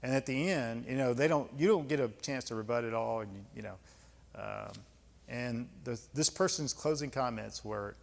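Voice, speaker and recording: A man's voice: mid-range voice, normal speed, gravelly. A man in his fifties from the United States, a retired senior Army leader giving a lecture and answering audience questions in a blunt, conversational, emphatic way with folksy asides. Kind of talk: candid lecture Q&A storytelling. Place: club lecture hall. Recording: long hall reverb.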